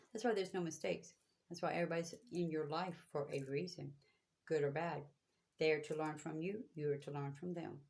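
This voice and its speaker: Low gravelly woman giving spiritual advice. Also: darkish tone. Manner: preachy, repetitive, emphatic. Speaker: spiritual reader. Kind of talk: spiritual guidance livestream.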